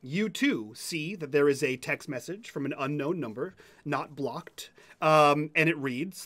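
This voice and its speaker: A man in the game master's seat, his voice sitting a little high, talking in a loose, chatty way. He laughs easily between bits of narration as he runs the tabletop session. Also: a little slow, hardly any pauses, a bit bright. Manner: casual and chatty, laughs often.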